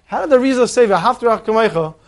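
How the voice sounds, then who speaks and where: A man preaching a sermon, telling a parable in an animated storytelling manner. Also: very high-pitched, very fast.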